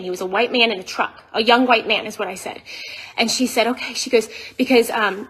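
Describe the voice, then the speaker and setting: A woman with a fairly high voice, recording herself on a phone camera. She tells her story in a rushed, shaken way, stumbling over fillers and restarting sentences. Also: a bit bright, slightly rough. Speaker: mother telling her side in a social media video. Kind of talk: personal account to viewers.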